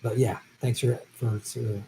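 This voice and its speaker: A man's voice: medium pitch, flat delivery, vocal fry, dark tone, a little hiss or hum, rough recording. Easygoing male live stream host. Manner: chatty, easygoing, quick to laugh. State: voice tiring after a long stream. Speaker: live stream host answering viewer questions. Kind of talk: casual live stream chat. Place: at home.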